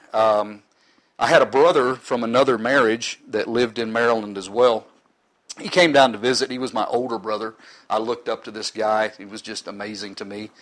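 A man's voice: mid-range voice, a bit bright, poor audio. A middle-aged man in ministry giving an earnest, sometimes emotional personal testimony to a live audience.

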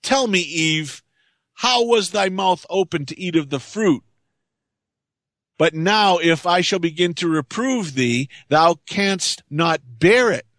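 A man reading the lines of a spiteful talking serpent, taunting in slow archaic speech. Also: high voice, expressive, fairly bright tone, no echo, clean studio sound, full character voice.

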